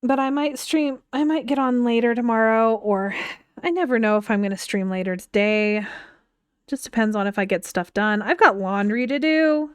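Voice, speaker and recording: A woman's voice: fairly high pitch, normal speed, clear, resonant tone, no room sound, clean studio sound. A woman in her thirties chatting casually as she plays a game on a live stream, thinking aloud from her computer at home. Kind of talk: casual live gameplay chat.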